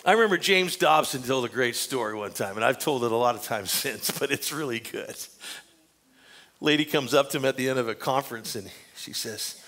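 An older man preaching a sermon as pastor, emphatic and earnest, often dropping to quiet, confiding asides. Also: medium pitch, animated, fairly quick. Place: church sanctuary.

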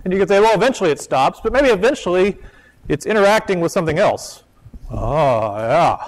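A man's voice: sits high, expressive, a little fast. A man giving a physics lecture in a chatty, joking way, with poor lecture hall audio. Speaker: physics professor. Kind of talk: classroom lecture.

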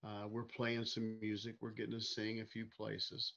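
Gravelly-voiced Missouri man, easygoing. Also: fairly low pitch, completely flat delivery, a bit bright, muffled recording. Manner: easygoing, halting, many fillers. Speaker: interview guest, singer. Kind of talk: casual interview chat.

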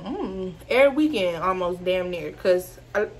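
Animated profane young woman. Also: lowish voice, a little fast. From Georgia, US. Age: 20s. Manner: animated, profane, laughs through the story. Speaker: vlogger. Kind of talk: casual storytime.

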